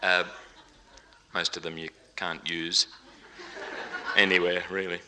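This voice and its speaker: A man's voice: low voice, flat delivery, takes it slowly, background noise. A man doing jokey live stage patter between songs, bantering with his band and the audience. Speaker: stage entertainer. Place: large live venue stage. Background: band music.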